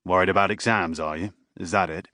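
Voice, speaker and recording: A man's voice: low-pitched, fairly even intonation, a little fast, pushed and bright, no room sound, studio quality. A man voicing a stocky, fussy father in his early fifties who chides his son in a reproachful way.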